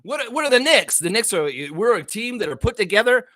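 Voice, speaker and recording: A man hosting a sports show, ranting heatedly in casual, profane talk and often shouting. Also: very high voice, big pitch swings, fairly quick. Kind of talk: casual fan rant.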